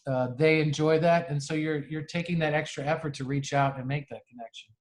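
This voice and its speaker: A man's voice: a little high, steady tone, a little fast. A man co-hosting a podcast, talking earnestly in casual chat and often restarting his sentences. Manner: earnest, frequent restarts and laughs. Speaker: podcast co-host.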